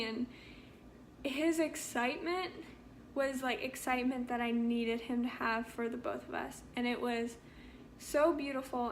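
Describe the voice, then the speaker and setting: Young woman vlogger, high voice, slow unhurried delivery, earnest and heartfelt storytelling. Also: a little hiss or hum. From Canada. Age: young adult. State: pregnant. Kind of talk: story time vlog.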